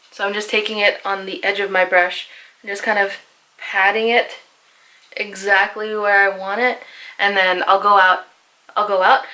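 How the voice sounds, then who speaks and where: Bright-voiced chatty woman beauty vlogger. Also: medium pitch. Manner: chatty, self-deprecating, lots of "like". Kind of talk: casual makeup tutorial voice-over.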